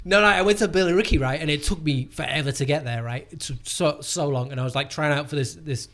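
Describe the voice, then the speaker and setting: A man's voice: medium pitch, fairly even intonation, brisk, a bit bright. A young man, telling a rambling, sweary comedy-gig story in casual podcast chat. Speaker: comedian guest.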